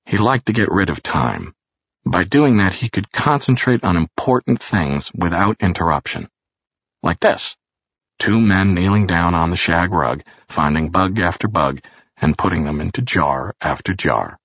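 A man reading an audiobook aloud as narrator, in a measured, steady manner, in a dull lo-fi recording. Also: low voice, no echo.

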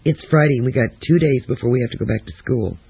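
A man's voice: mid-range voice, fast talker, gravelly, slightly rough, no room sound. Storybook teen groom, eager and keen, read by a man over a tinny line. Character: eager teenage boy, new husband.

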